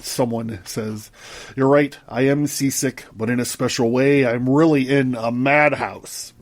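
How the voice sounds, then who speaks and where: A man reads a book aloud on his podcast, voicing the characters' quoted lines before breaking off to comment casually, joke and laugh. His voice is medium-pitched, fairly even and a little slow, and the recording suffers from equipment sound problems.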